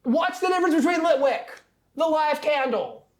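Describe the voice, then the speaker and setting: A woman co-hosting a podcast in casual chat, animated and teasing, talking in quick bursts. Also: high-pitched. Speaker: podcast co-host.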